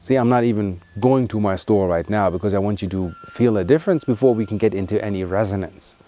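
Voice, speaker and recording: A man giving an earnest spiritual monologue as a wellness vlogger, emphatic and heartfelt, moving between loud pushes and hushed, soft passages. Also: on the low side, fast, muffled recording.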